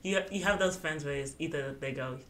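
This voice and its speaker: A woman's voice: sits low, fairly quick. A young woman co-hosting a podcast in casual chat, rambling with lots of fillers and giggles. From Australia. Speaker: podcast co-host.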